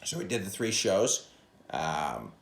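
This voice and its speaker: This comedian's voice is low and gravelly, swinging widely in pitch as he talks slowly in an echoey room. Alone on his podcast, he rambles and swears, breaking into loud impressions, with a phone leaned on a coffee cup capturing it all.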